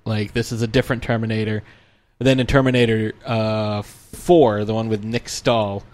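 A man's voice: mid-range voice, dry recording. A man chatting casually about movies, rambling with lots of fillers and restarts. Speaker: film commentator. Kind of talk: casual film discussion.

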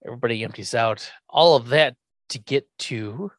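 A man co-hosting a podcast in casual chat, animated and sarcastic, swearing freely as he recaps a film. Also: medium pitch, normal speed, no echo. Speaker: podcast co-host.

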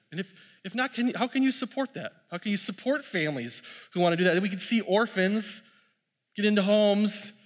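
A man's voice: high voice, a bit bright, long reverb tail. A man preaching a sermon, telling a personal story in a conversational way and laughing often. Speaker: pastor sharing testimony. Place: church.

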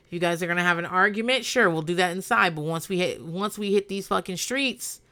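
This woman hosts a relaxed podcast recap, swearing a lot, speaking bluntly, and laughing often. Her lowish voice is a little fast, bright, and forceful, captured on a podcast mic.

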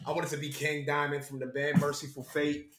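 A young man chatting casually, his voice pitched a little high. He rambles and swears constantly, throwing in bro and yo. The room around him rings with echo. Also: completely flat delivery, a little fast, a bit bright, faint music behind. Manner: profane, rambling, says bro and yo. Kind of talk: casual chat.

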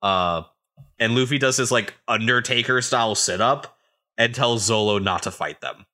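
This man's voice sits in the mid range and sounds pushed and bright. Co-hosting a podcast, he goes over a manga one chapter at a time in easygoing conversation, with playful asides and snappy quoted lines.

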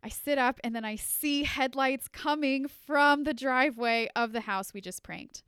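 Smooth-voiced young woman telling a story. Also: high-pitched, measured pace, no echo, clean studio sound. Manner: animated, filler-heavy, laughing. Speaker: podcast co-host. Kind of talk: casual storytelling chat.

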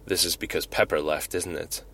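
A man's voice: rumbling low, fairly even intonation, normal speed, gravelly, a bit bright, voice pushed down, heavily acted. A man voicing a jovial, friendly male thunder god with formal, old-fashioned phrasing, in a comedic retelling. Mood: puzzled. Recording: noisy home recording.

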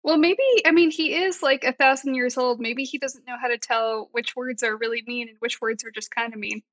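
A woman's voice: fairly high pitch, steady tone, brisk, a bit bright, no room sound. A woman casually discussing a movie, amused, with wry asides and frequent laughter. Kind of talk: casual movie recap chat.

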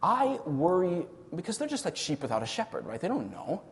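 A man preaching a sermon as pastor of his church, impassioned, swelling loud and dropping low for emphasis. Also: huge pitch swings, fairly quick, long reverb tail.

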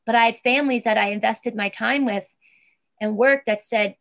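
A woman's voice: a little high, moderate pace, creaky. A woman in her thirties, a guest in an interview, speaking earnestly and with emotion, with many fillers and restarts. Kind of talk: personal interview.

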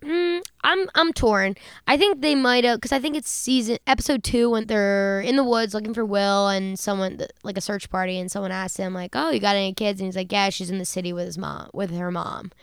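Podcast host, woman, smooth clear voice, dry close sound, loose chatty delivery. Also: medium pitch, fairly even intonation, brisk, dry recording. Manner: chatty, lots of fillers, swears freely. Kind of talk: casual chat.

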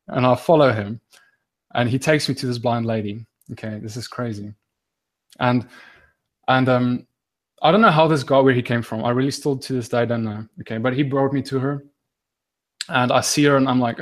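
Man telling a halting, earnest story. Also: medium pitch, fairly even intonation. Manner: halting, many restarts and fillers. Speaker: guest sharing a testimony. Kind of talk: casual storytelling.

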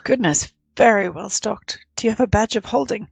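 Female player, playful and chatty, gravelly edge, dry close sound. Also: mid-range voice, normal speed, no echo. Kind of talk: casual tabletop play.

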